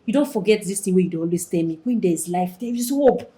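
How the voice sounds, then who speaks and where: An actress playing a caring young daughter with a Nigerian accent, mixing Pidgin with English. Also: female voice, on the low side, animated, fast talker, mellow, natural voice. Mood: emphatic. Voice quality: mixes Pidgin with English, earnest. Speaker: devoted daughter. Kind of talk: film drama.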